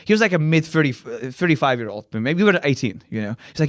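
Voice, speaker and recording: A man's voice: mid-range voice, expressive, fast talker, no echo, studio quality. A young man from Lithuania with a Lithuanian accent, a comedian telling a wild story in casual chat, acting out quotes and laughing often. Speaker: comedian guest.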